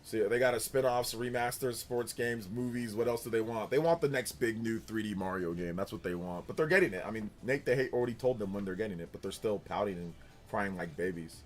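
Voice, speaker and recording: A young man hosting a casual livestream, chatting loosely and reading viewer comments aloud in a rambling, animated way. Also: lowish voice, fairly quick, soft background music. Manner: rambling and animated, with filler words and restarts. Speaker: streamer host.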